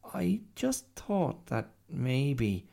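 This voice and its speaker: A man's voice: medium pitch, very animated, drawn-out words, gravelly, warm tone, pitched above the performer's own voice, heavily acted. A man voicing a small, timid, tearful girl in a storybook reading, with a wondering, plaintive way of asking things.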